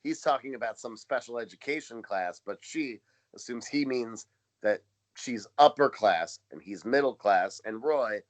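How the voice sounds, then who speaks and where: A man's voice: medium pitch, a little slow, no echo. A man co-hosting a podcast in casual chat, wry and laughing often as he retells scenes. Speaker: podcast co-host. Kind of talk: casual chat recapping a TV episode.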